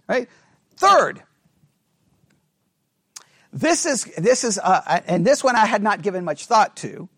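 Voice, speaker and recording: A man teaching a Bible study class in an animated, conversational way, asking the class questions and correcting himself as he goes. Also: sits high.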